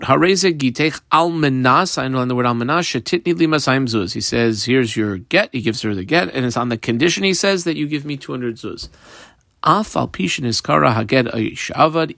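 A man's voice: mid-range voice, normal speed, creaky, dry recording. A man teaching a daily Talmud class, reading Aramaic phrases and explaining them in casual English. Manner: animated, mixes Hebrew-Aramaic terms into English explanation.

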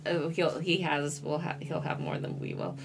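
A woman's voice: low-pitched, very animated, normal speed, vocal fry, background noise. A woman co-hosting a casual podcast, giggly and self-deprecating, with hesitant restarts. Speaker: podcast co-host. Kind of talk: casual chat.

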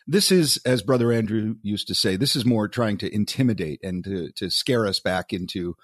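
A man with a lowish voice co-hosts a podcast, agreeable and often laughing. He reads quotes aloud with a sarcastic flourish, and the sound is dry and close. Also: moderate pace, dry recording. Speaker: podcast co-host. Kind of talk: casual podcast discussion.

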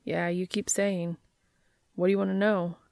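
A woman's voice: fairly low pitch, little pitch movement, creaky, a little mellow, no echo, clean studio sound. A woman reading as a guarded, troubled man. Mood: confessional. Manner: halting, raw confession. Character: troubled, guarded man confessing his past.

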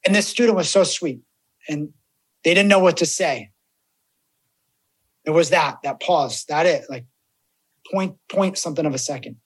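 A man's voice: a little high, moderate pace, pauses often, slightly rough. A man who works as a death doula, chatting as a podcast guest and acting out the voices in his stories. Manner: animated storyteller, acts out quoted voices. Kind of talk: casual podcast chat.

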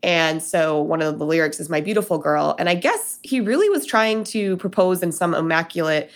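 A woman's voice: lowish voice, lively intonation, normal speed. A young woman from Denver, chatting casually and telling a personal story with lots of fillers and acted-out dialogue. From Denver, USA. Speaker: guest telling her story.

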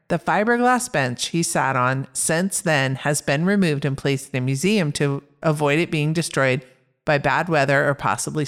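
A woman co-hosting a casual podcast chat, reading out film facts in an upbeat way. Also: sits low. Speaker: podcast co-host.

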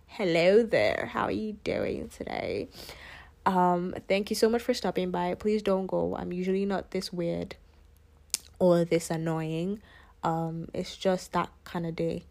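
A woman's voice: medium pitch, creaky, darkish tone. A young adult woman hosting a solo podcast, chatting in a sarcastic, playful and giddy way. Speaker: podcast host. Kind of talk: casual solo podcast chat.

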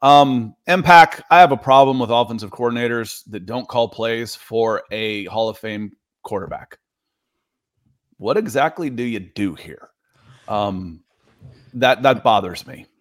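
A man co-hosting a casual sports talk show, giving animated opinions with frequent restarts. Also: medium pitch, unhurried, no echo, studio quality. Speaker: sports talk co-host and writer.

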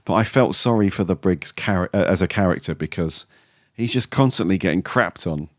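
A man's voice: deep voice, moderate pace, no echo, studio quality. A man co-hosting a casual fan podcast. He rambles, chuckles and trails off mid-sentence. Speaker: podcast co-host.

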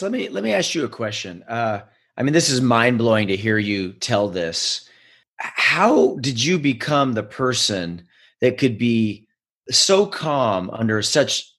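A man's voice: mid-range voice, a bit bright. A man hosting an interview, asking an earnest, slightly stumbling question. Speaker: interviewer host.

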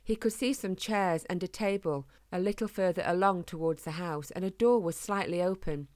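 A woman reading a children's storybook aloud in a gentle, measured way. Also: fairly low pitch.

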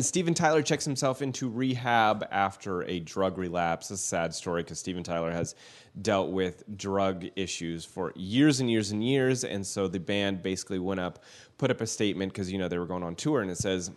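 Co-hosting a casual celebrity news podcast, a man talks at a normal speed in a chatty, loose way. He swears casually and his pitch jumps up when he gets excited.

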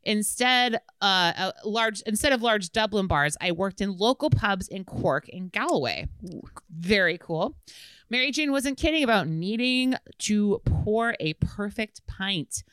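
Woman podcast host, smooth voice, dry close sound, laughs a lot, swears casually. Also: mid-range voice, lively intonation, a little slow, fairly bright tone, dry recording. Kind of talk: casual podcast chat, reading listener mail.

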